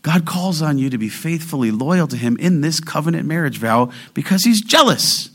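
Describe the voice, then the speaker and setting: A man preaching an expository sermon, driving home key words with emphatic rises and reading scripture slowly and deliberately. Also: on the high side, animated, a bit bright. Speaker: pastor.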